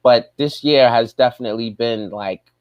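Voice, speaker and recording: A man's voice: mid-range voice, normal speed, no echo, lo-fi sound. A man talking as a guest on a casual show, in a laid-back, rambling way, full of "man" and "you know". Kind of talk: casual chat.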